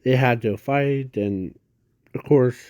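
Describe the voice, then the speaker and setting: Very slow, halting man rambling a story. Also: mid-range voice, a little mellow, dry recording, studio quality. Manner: halting, rambling, with constant restarts and self-corrections. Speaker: fan storyteller. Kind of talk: casual improvised fan story.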